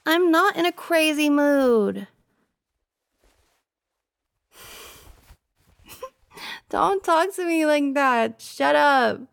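A woman's voice: sits high, lively intonation, extremely slow, creaky, pauses often, no room sound, clean studio sound, full character voice. A young woman voicing a jealous, possessive girlfriend in an audio role-play, pouty and teasing, sometimes dropping to a whisper.

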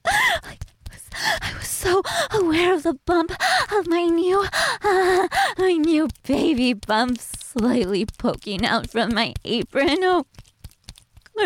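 Woman doing a high voiced submissive young wife, slow and breathy, begging in an adult audio roleplay. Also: heavily acted.

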